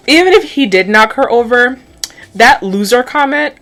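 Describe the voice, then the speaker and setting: A woman's voice: a little high, expressive, moderate pace, fairly bright tone. Young female vlogger, casual and snarky, heavy on "like," recaps a cartoon while doing her face. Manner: chatty and sarcastic, lots of "like" fillers. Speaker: beauty vlogger.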